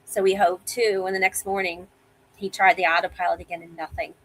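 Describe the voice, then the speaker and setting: A woman in her fifties telling sailing stories as a guest over a video call, animated and vivid. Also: fairly low pitch, brisk, slight background noise, low-quality recording. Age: 50s. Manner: animated storyteller, acts out quoted voices. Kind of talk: casual interview storytelling.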